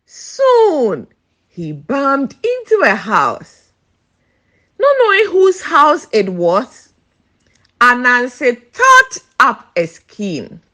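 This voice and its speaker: A woman reading a children's story aloud, slowly and expressively. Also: high voice, wildly swooping pitch, sharp tone.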